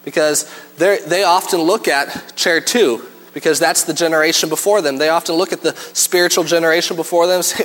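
A man's voice: on the high side, fairly quick, in a large hall. A man preaching a sermon in a church, telling stories and acting out scenes with animation. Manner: animated storytelling, acts out scenes. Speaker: pastor.

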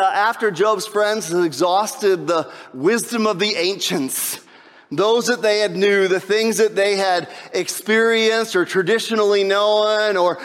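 High-voiced preacher in a reverberant hall. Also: male voice. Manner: animated preaching, rises to shouts for emphasis, frequent "right?". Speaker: pastor. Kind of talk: sermon.

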